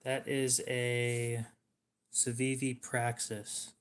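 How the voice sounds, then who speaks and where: A man chatting casually on a livestream while showing knives for sale, speaking in a flat monotone. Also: mid-range voice, extremely slow, clear, resonant tone. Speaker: livestream knife seller.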